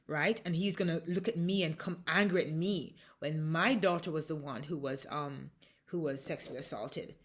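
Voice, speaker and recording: Low-voiced woman, impassioned and halting. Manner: impassioned, halting with repeated restarts. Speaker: mother recounting a dispute. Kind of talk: emotional personal account.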